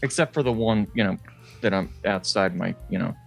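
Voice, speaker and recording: A man's voice: lowish voice, a little fast, vocal fry, breathy edge, soft background music. A man co-hosting a podcast, rambling through casual chat, swearing often and laughing a lot. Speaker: podcast co-host.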